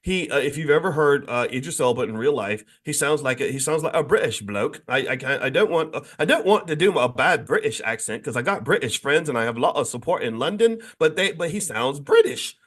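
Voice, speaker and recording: A man hosting a morning finance show in casual livestream talk, animated and rambling, full of restarts and sudden jumps in pitch. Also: a little fast, few pauses. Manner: conversational, addresses the audience directly.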